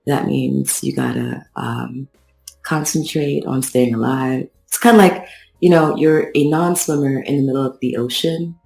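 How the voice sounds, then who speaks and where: A woman's voice: a bass voice, fairly even intonation, unhurried, gravelly, a little mellow, reverberant, soft background music, rough recording. A woman co-hosting a podcast, talking casually with dry, self-deprecating wit. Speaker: podcast co-host.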